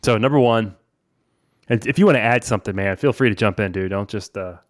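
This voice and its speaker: A man in his forties hosts a podcast and talks through money tips in a loose, chatty way, checking in with "right?" as he goes. His voice sits fairly low. The sound is dry and close. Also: brisk, no echo. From New Orleans. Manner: chatty, conversational, says "man" and "right?" often. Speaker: podcast host. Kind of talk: casual financial advice talk.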